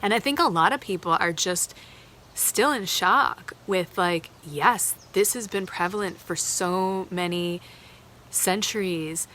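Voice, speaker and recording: A woman leads a live tarot reading, earnest and openly emotional as she thinks aloud. Her voice sits a little low but has a bright, forward edge. A faint hiss runs underneath. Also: slow. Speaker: tarot reader hosting a live moon reading.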